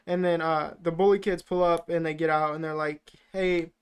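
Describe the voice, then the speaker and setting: A man's voice: a little high, little pitch movement, a little fast, smooth. A man co-hosting a podcast, rambling through a casual film recap with lots of fillers and swearing. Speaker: podcast co-host.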